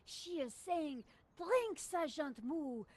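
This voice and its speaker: An actress playing a brisk, curious young journalist in a video game, asking probing questions. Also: female voice, sits high, very animated, a little mellow, exaggerated voice.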